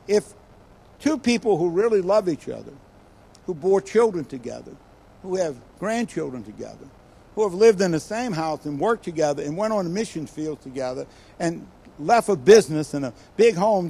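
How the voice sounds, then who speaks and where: Older guy preaching, highish voice, gets loud then drops real quiet, acts out the voices. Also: creaky, husky. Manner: animated storytelling, acts out quoted voices with sudden loud bursts and quiet asides. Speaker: guest preacher. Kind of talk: sermon.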